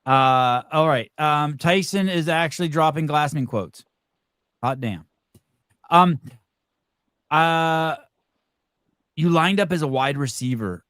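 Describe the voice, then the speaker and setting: A man's voice: a little high, takes it slowly, long pauses, a bit bright, clean tone, no room sound, studio quality. A man hosting a podcast, asking rambling, conversational questions full of fillers. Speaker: podcast host. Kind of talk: casual interview talk.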